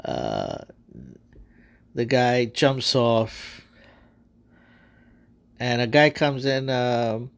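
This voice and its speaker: A man's voice: medium pitch, sing-song, extremely slow, gravelly, long pauses. A man hosting a podcast, casually recapping his own stories in a loose, rambling way with frequent fillers and swearing. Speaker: podcast host. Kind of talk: casual storytelling monologue.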